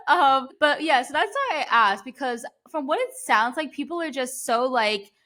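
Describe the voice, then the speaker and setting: A woman in her thirties from New Jersey hosts a podcast interview. She chats loosely and fills her sentences with little words. Her voice is fairly high and bright. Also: very animated, normal speed. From New Jersey, USA. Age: 30s. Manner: chatty, full of "like" fillers. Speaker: podcast host. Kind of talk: casual interview chat.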